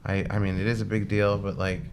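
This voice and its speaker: A man's voice: lowish voice, level tone, a little fast, a little hiss or hum, lightly acted. A man doing a boastful retired talking dog. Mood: smug. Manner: laid-back, falsely modest.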